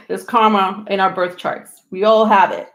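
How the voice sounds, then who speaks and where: A woman hosting a tarot live stream, talking casually, a little out of breath, rambling with many pauses and restarts. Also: mid-range voice, steady tone. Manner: rambling, many ums and restarts, laughs often. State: slightly out of breath.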